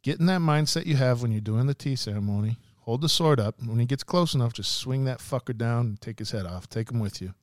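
A man's voice: medium pitch, a little fast, hardly any pauses, darkish tone, no echo, clean studio sound, close to an everyday voice. A man retelling a story, voicing a blunt sword teacher giving advice before a duel. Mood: urging. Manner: blunt, profane.

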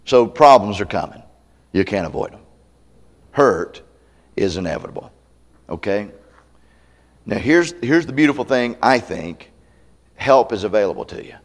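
A man's voice: on the low side, animated, normal speed, long pauses. A man pastor preaching a sermon at a camp meeting, conversational and candid, with self-deprecating humor. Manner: conversational, acts out quoted voices.

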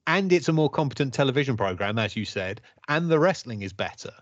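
A man co-hosting a podcast, talking in a wry, critical, measured way as he reviews episodes. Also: mid-range voice, animated, no echo. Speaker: podcast co-host. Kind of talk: casual review chat. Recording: dull, dry podcast audio.

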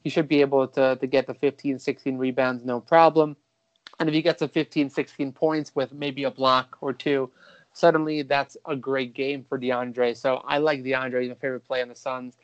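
A man hosting a fantasy basketball podcast, talking casually and quickly with a few restarts. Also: medium pitch, level tone, no room sound, dull audio. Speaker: podcast host.

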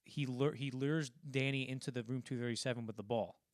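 Male podcast co-host, middle pitch, dry close sound, rambling scene-by-scene recaps. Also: fairly even intonation, no room sound. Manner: rambling, acts out film lines in quick impressions. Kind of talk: casual film discussion.

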